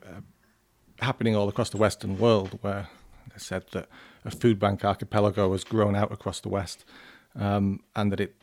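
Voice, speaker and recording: A man's voice: lowish voice, level tone, moderate pace, darkish tone. A man in his thirties with a northern English accent, a guest journalist on a podcast, speaking hesitantly with many ums and restarts. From northern England. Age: 30s. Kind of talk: casual podcast chat.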